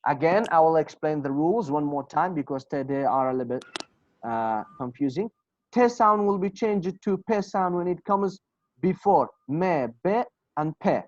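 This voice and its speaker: A man's voice: on the high side, dry recording. Kurdish-accented man teaching pronunciation. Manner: patient, repeats example phrases slowly. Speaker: English teacher. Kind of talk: online class on pronunciation. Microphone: video call. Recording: dull, dry video call audio.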